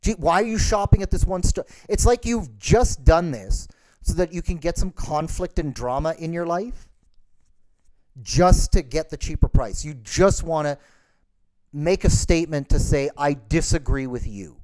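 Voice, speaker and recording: A man's voice: on the high side, measured pace, darkish tone, no echo. A man hosting a podcast, ranting in an exasperated, sarcastic way. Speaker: podcast host. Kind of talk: ranting monologue.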